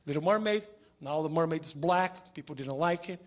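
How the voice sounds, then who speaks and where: A man doing stand-up, animated and acting out quick voices on a club stage. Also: a little high. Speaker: stand-up comedian. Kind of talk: stand-up comedy set. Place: comedy club stage with audience.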